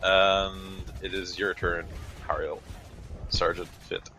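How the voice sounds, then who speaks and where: A man's voice: low voice, flat delivery, slow pace, bright, forceful tone, soft background music, low-quality recording. A man narrating as game master of a tabletop game, describing the action in loose, filler-heavy talk.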